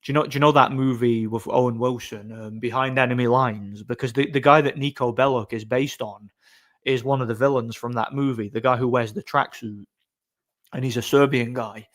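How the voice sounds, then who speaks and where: A man's voice: medium pitch, fairly even intonation, brisk, a bit bright. A man hosting a casual livestream, rambling through stories with chuckles and frequent restarts. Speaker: livestream host.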